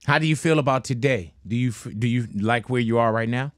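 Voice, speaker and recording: A man's voice: medium pitch, brisk, background noise. A middle-aged man hosting a casual studio interview, telling stories with slang in a laid-back way. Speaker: radio host.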